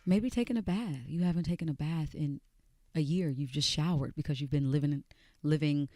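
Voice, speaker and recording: A woman who is a musician, talking calmly and playfully as a guest on a radio show. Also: deep voice, normal speed, dry recording, clean studio sound. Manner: calm, soothing way of talking. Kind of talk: casual radio interview. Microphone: studio microphone.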